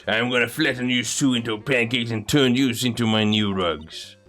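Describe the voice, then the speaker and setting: A man growling as a gruff loan-shark boss. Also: mid-range voice, measured pace, pushed and bright, soft background music. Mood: menacing. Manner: growling, rough slangy threats.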